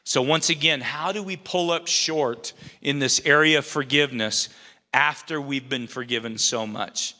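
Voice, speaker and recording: A man's voice: medium pitch, normal speed, pushed and bright, big-room sound. A man preaching a sermon as a pastor, talking casually and retelling scripture in his own words.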